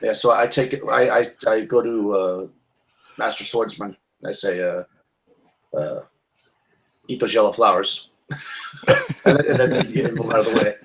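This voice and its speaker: A lower-voiced man taking his turn in a tabletop game. He gropes for words, restarting and stumbling as he plans his moves. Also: normal speed, long pauses. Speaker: player. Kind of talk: casual tabletop play.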